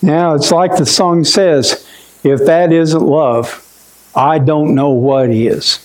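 A man preaching a sermon with a fairly high voice and a slow, deliberate pace. He talks in a folksy, personal way, calling out "my friend" again and again. At tender moments he sinks low and quiet. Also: steady tone, rough recording. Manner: folksy, repeats "my friend", drops voice low and slow when moved. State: choked up.

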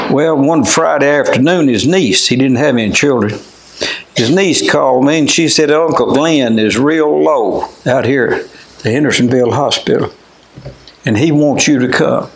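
An older man, preaching a homey, plainspoken sermon and telling stories between scripture readings. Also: mid-range voice. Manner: plainspoken, homey, quotes scripture in old wording. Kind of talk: folksy sermon with storytelling. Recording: echoey room.

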